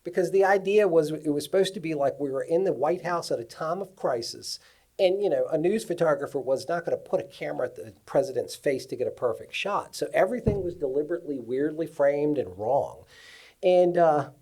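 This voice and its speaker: A man on a cinematography panel, telling lively stories from his career at a live festival event. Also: fairly high pitch, fairly quick. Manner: animated storyteller. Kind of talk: anecdotal panel talk.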